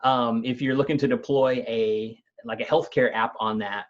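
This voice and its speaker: A man's voice: medium pitch, steady tone, moderate pace, lo-fi sound. Man explaining tech news casually. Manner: thoughtful, many fillers and restarts.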